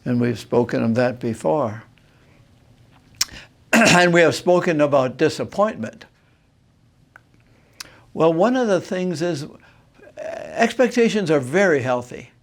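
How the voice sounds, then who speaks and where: Slow, gravelly-voiced priest giving a talk. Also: male voice, fairly high pitch, animated. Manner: unhurried, thoughtful, pauses with filler sounds. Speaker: Jesuit priest and retreat master. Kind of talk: reflective teaching talk on marriage.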